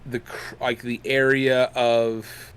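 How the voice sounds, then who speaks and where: A man's voice: mid-range voice, little pitch movement, slow, clear, resonant tone. A young man co-hosting a casual gaming podcast, rambling with lots of fillers while chewing gum. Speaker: podcast co-host.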